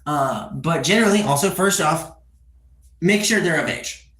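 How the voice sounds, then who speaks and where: A man's voice: a little high, lively intonation, moderate pace, a bit bright, echoey room. A twenty-year-old man chatting casually on a live stream, rambling with crude joking asides and tagging "right?" onto his sentences. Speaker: livestreamer.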